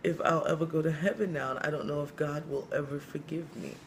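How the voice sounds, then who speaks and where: A man voicing a young pregnant wife who is crying and ashamed, speaking in halting, broken phrases in a comedy bit. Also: a little high, fairly even intonation, a little hiss or hum, close to an everyday voice. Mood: tearful. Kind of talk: comedic storytelling.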